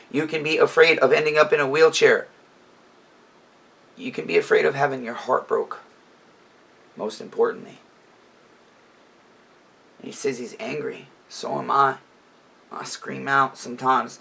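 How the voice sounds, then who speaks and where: Gravelly man ranting in a raw, emotional vlog. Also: mid-range voice, a bit bright. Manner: raw, rambling, addresses viewers as neighbors. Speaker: YouTuber reacting to a song. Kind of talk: emotional song reaction commentary.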